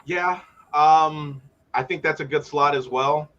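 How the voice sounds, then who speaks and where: A man co-hosting a casual sports talk show, eager and quick to talk players up. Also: on the high side, fairly bright tone, muffled recording. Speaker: co-host analyst.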